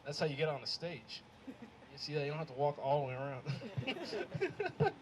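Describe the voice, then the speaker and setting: A man's voice: on the high side, brisk. A young man born in Ethiopia with an American accent, doing a loose, profane, self-mocking stand-up set on an outdoor stage in the cold. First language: Amharic. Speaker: stand-up comedian. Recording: noisy outdoor live recording. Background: laughing crowd.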